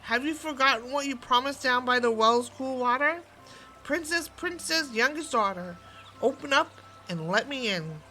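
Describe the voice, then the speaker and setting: A woman reading a storybook and voicing a persistent young male frog who pleads in a high, insistent voice. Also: moderate pace, fairly bright tone, a little hiss or hum, lightly acted, poor audio.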